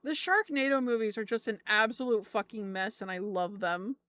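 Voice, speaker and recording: A woman's voice: mid-range voice, moderate pace, fairly bright tone, no echo, studio quality. A young adult woman streamer chatting casually, rambling through stories and laughing often, with frequent swearing.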